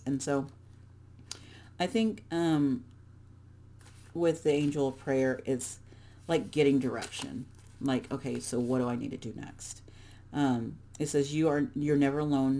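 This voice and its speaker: A woman's voice: rumbling low, dark tone. A woman doing a casual oracle card reading for viewers, chatty and rambling, often restarting her sentences. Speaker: tarot reader.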